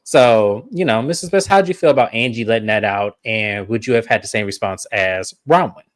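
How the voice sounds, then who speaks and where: A man co-hosting a casual reality TV recap, chatty and emphatic, with quick asides to viewers. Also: on the low side, no echo, clean studio sound. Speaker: show co-host.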